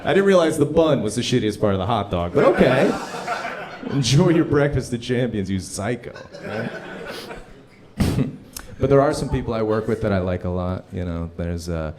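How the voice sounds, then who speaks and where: A man doing live stand-up on a comedy club stage, telling stories in an animated, profane way with frequent asides to the crowd. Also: sits low, a little hiss or hum.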